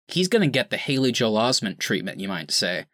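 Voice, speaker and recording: A man co-hosting a podcast, talking in an animated, sarcastic and profane way. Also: on the low side, brisk, dry recording, clean studio sound. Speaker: podcast co-host. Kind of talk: casual podcast chat.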